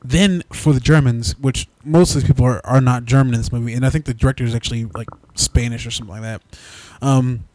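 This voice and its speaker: A man's voice: medium pitch, fast talker, few pauses. A man co-hosting a casual movie review, talking with animation and breaking into exaggerated mocking voices. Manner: animated, mocks dialogue in exaggerated put-on voices.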